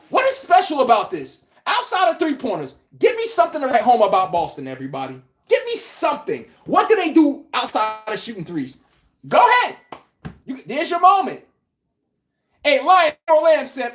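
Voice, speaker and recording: A woman hosts a live sports talk show in a brash, emphatic, slangy way. She calls out viewers by name while she argues her points. Her voice sits high and leaps all over the place. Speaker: sports podcast host.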